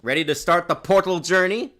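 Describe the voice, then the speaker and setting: A man's voice: high-pitched, normal speed, bright, forceful tone. A young man streaming a game in casual chat, rambling and restarting his words, with a slightly sore throat. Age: young adult.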